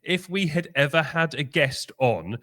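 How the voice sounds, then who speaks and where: A man's voice: on the high side, expressive, pushed and bright. Blunt, out-of-breath man. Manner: blunt, brisk, talks over his co-host. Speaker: podcast co-host. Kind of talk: casual podcast chat.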